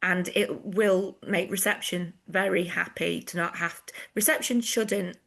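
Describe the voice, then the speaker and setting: A woman's voice: on the low side, fairly even intonation, measured pace, gravelly, fairly bright tone. A woman hosting a professional chat, talking with enthusiasm and laughing often. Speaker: host from the association. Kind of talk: casual professional conversation.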